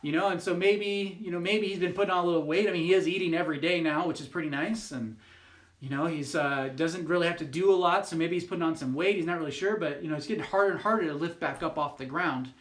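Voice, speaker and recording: A youth pastor tells a fable to his group in a loose, casual way, full of fillers and restarts. His voice sits a little high for a man. The recording rings in an echoey room. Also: fast talker. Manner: casual, rambling storytelling with many fillers and restarts. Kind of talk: youth group devotional talk.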